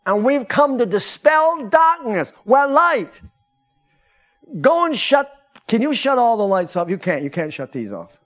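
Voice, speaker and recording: High-voiced preaching male pastor. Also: sing-song, unhurried. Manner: preaching with rising shouts. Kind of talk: sermon. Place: church sanctuary.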